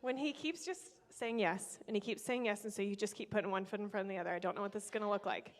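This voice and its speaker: A young woman telling a personal story in a casual, faith-filled way. She gets excitable and animated, with bursts of praise. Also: medium pitch, fast talker. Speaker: vlogger and kidney donor.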